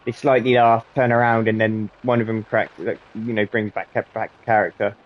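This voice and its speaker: A man's voice: lowish voice, fairly even intonation, normal speed, highs cut off. A young man swearing freely and laughing as he tells rambling stories while gaming. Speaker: gaming channel host. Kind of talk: casual storytelling while gaming.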